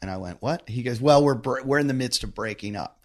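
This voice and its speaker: A man hosting a podcast in casual chat, telling stories and acting out the quotes loudly. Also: medium pitch, brisk. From from the American West. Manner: animated storyteller, acts out quotes loudly. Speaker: podcast host.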